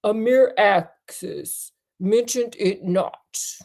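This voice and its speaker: A woman voicing a huge, contemptuous supercomputer, crooning slowly in a deep put-on voice during a livestream read-aloud. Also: a little mellow, lightly acted. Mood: grandly aloof. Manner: slow, low crooning delivery.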